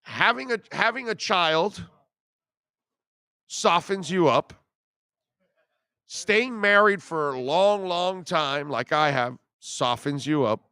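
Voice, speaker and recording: Middle-aged male sports talk host, casual and chatty, smooth voice, dry studio sound. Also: on the high side, bright, forceful tone, no room sound. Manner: chatty, self-deprecating, emotional. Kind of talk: casual live show chat reading comments.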